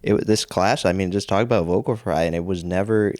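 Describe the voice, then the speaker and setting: A man co-hosting a podcast in casual chat, measured and hedging as he talks things through. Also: sits low, darkish tone, no room sound, studio quality. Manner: measured, hedging with "I mean" and "I think". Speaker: podcast co-host.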